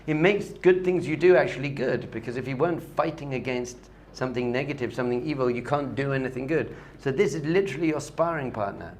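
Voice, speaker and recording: A man's voice: mid-range voice, quick pace, few pauses, slight background noise. A man, a rabbi, giving a spiritual lesson with a story, talking animatedly and repeating key points for emphasis.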